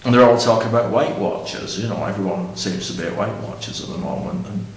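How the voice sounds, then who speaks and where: A middle-aged man with a deep, low voice, rambling bluntly in a deadpan comic monologue. He sounds set back from the mic in a very echoey room, with faint ambient noise behind. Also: fast talker, far from the mic.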